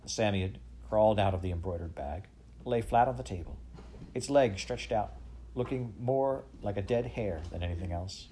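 Low-voiced man reading a storybook. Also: slight background noise. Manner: measured, lively character voicing. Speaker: narrator.

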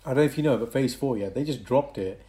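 A man co-hosting a casual podcast chat, animated, swinging between loud bursts and quieter asides. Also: medium pitch, quick pace. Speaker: podcast co-host.

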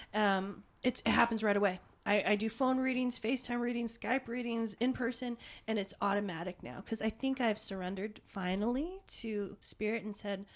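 A woman who works as a psychic medium, chatting animatedly, often laughing and affirming the other speaker. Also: medium pitch. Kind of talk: casual chat.

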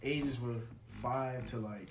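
A young man in casual chat, telling a work story in a relaxed way with frequent "you know"s. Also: mid-range voice, slow, gravelly, recorded from a distance. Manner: relaxed, easygoing, says "you know" often. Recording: echoey room, voice off-mic, noisy.

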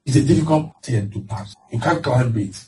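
A man preaching a lively sermon as pastor, laughing often and acting out voices of the people he describes. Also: medium pitch, normal speed. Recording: distant mic with faint background noise.

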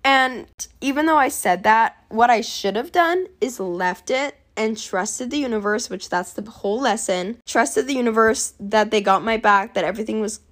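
A woman's voice: a little high, normal speed, hardly any pauses, a bit bright. A young adult woman talking casually to camera in a vlog, chatty and candid, with plenty of fillers and some swearing. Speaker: vlogger.

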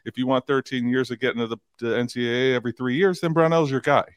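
A man's voice: medium pitch, fairly even intonation, fast talker, smooth, no room sound. A man co-hosting a casual sports talk podcast, rambling, stammering and firing off rhetorical questions. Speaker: podcast co-host.

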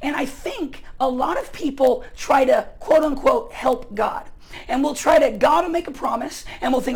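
A male pastor from the United States preaching a sermon in a casual, chatty storytelling way, full of fillers, with bursts of loud emphasis. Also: very high-pitched, lively intonation, normal speed, low-quality recording.

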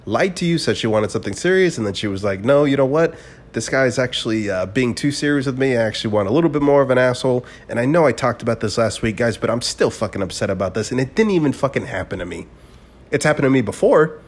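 Man in his twenties, lowish voice, swearing, rambling casual monologue. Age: 20s. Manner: profane, rambling, bro-ish storytelling. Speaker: podcast host.

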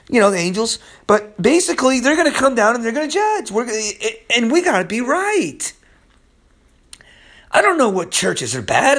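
A man giving an informal podcast sermon, swinging between loud exclaiming and quiet prayer. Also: high voice. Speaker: preacher.

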